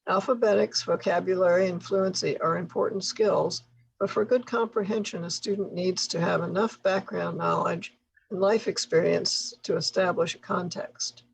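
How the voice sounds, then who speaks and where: A woman leading a tutor training workshop, explaining things patiently with occasional soft laughs. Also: fairly low pitch, fairly even intonation, normal speed, gravelly, slight background noise, rough recording. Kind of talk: workshop instruction.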